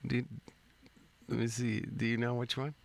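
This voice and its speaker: A man's voice: mid-range voice, flat delivery, moderate pace, gravelly, dry recording. A man hosting a stream, giving laid-back, slangy reaction commentary and talking back to the clips he plays.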